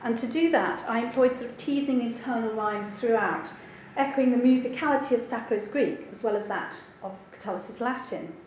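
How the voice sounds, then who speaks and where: In a lecture room, a woman translator delivers an academic seminar talk, thoughtful and hedging, with frequent ums. Her voice is on the high side and darkish, at a moderate pace with hardly any pauses. The room is very echoey, and there's a faint hiss in the background.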